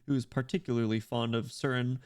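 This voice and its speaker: A man's voice: medium pitch, steady tone, a little fast, darkish tone, close to an everyday voice. A man reading aloud as a learned, wistful pope who speaks formally. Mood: reflective. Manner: formal, reflective storytelling.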